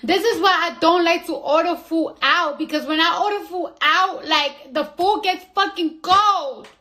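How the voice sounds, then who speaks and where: A woman's voice: very high-pitched, a little slow, background noise. A woman chatting casually on a livestream from home, complaining animatedly and swearing a lot. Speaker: livestream host.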